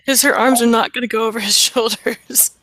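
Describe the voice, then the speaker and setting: A woman taking part in a collaborative role-play, describing actions in a soft and unhurried way. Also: on the high side, steady tone, no echo, low-quality recording.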